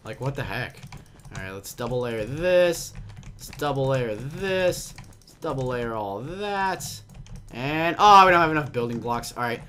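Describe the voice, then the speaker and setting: A young man giving excitable, jumpy commentary on a game, with a slight cough and frequent yelps and laughs. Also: mid-range voice, a little slow, a little hiss or hum. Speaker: gaming commentator. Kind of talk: casual Minecraft gameplay commentary.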